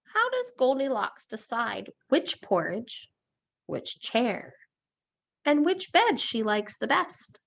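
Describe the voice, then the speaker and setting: A woman teacher reading a story aloud in a lesson, expressive and asking questions. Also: a little high, slow pace, gravelly.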